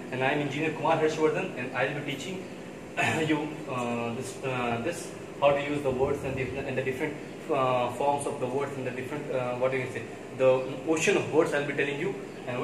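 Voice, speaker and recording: Indian English teacher in an echoey room. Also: male voice, mid-range voice, distant mic. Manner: spells words out letter by letter, mixes in Hindi, many restarts. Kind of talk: classroom vocabulary lesson. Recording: echoey room, voice off-mic, faint background noise.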